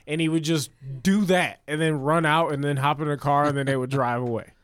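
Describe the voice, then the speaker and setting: A man's voice: fairly high pitch, fairly even intonation, brisk, a bit bright, clear, resonant tone, no room sound, clean studio sound. A young man co-hosting a comedy podcast, telling a rambling, profane story in casual banter and laughing often. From Chicago area.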